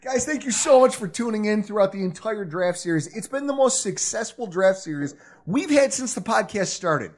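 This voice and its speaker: A man with a high, husky voice runs a loose sports podcast chat. His pitch swings widely as he rants, laughs and throws in curses. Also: moderate pace, hardly any pauses. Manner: animated, laughs a lot, swears freely. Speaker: podcast host.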